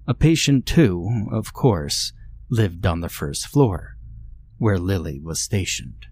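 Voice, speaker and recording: A man narrating a first-person horror story in a measured, bitter tone. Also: sits low, a little mellow.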